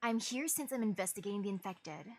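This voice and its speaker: A woman's voice: mid-range voice, expressive, fast talker, no echo, faint music behind. A woman voicing a cold, accusing young woman investigator who speaks sternly while reading a game's story aloud.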